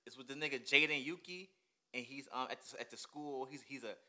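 A man chatting casually as a podcast co-host, animated and profane, laughing often. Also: mid-range voice, fairly quick. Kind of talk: casual chat.

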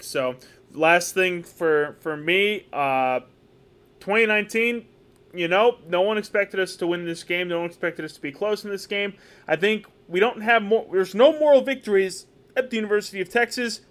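Male podcast co-host, higher voice, lively and jokey, casual sports chat. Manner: animated, joking, repeats himself. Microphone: podcast microphone.

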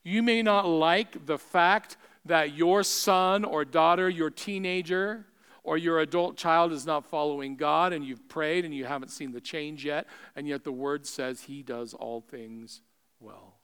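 Pastor, male, high resonant voice, impassioned sermon delivery with quiet appeals, long hall reverb. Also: fairly even intonation, a little slow, smooth. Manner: impassioned, swelling then dropping to soft appeals. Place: church sanctuary.

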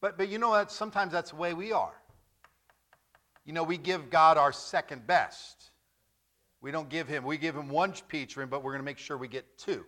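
A man preaching a sermon as pastor, with lively, repetitive delivery and joking stories. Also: on the high side, normal speed.

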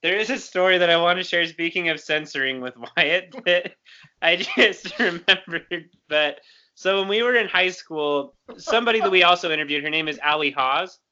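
Young male host, high-pitched and giggly, casual, lo-fi recording. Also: pushed and bright. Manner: giggly, quick to laugh. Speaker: podcast host. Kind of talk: casual chat. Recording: dull lo-fi sound.

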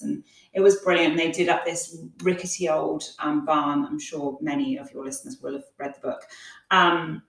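A woman's voice: deep voice, creaky. A woman guest in a casual interview, telling stories in a chatty way with many fillers. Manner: chatty, storytelling, frequent fillers. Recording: echoey room, distant from mic.

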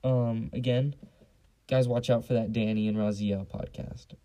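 A man's voice: mid-range voice, steady tone, measured pace, warm tone, low-quality recording. A young man hosting a casual solo podcast, blunt and profane, rambling with lots of fillers on a basic home mic. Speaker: podcast host.

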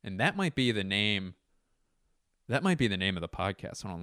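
A man's voice: fairly low pitch, animated, normal speed, a bit bright, no room sound, studio quality. A young man hosting a podcast, rambling through a comedic monologue, swearing and mocking himself, sounding tired. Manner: swearing, self-mocking, trails off into mumbles. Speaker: podcast host. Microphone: computer mic.

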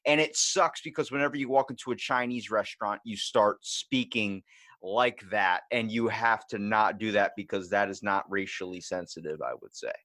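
Low-voiced rambling male podcast host. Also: normal speed, dry recording. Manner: rambling, animated storyteller, many "like"s. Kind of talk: casual podcast chat.

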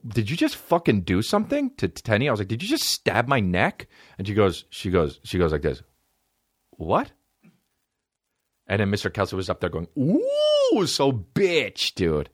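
A man in his thirties hosts a podcast alone, rambling through stories with lots of swearing. His pitch swings all over the place, and he often jumps into squeaky put-on voices. The sound is close and dry, with no room echo. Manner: profane, rambling, jumps into high silly voices and laughs. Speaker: podcast host. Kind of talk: casual solo podcast chat.

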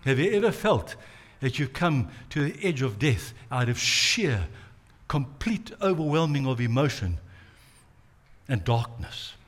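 A man's voice: mid-range voice, very animated, a little slow. Man preaching with dramatic retelling. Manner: dramatic storytelling, acts out quotes. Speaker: pastor. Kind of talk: sermon.

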